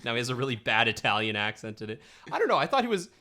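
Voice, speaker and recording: A man's voice: mid-range voice, very animated, rapid-fire, sharp tone. A man co-hosting a podcast, chatting animatedly about films, laughing often and filling his talk with "like". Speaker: podcast co-host. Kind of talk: casual film-discussion chat.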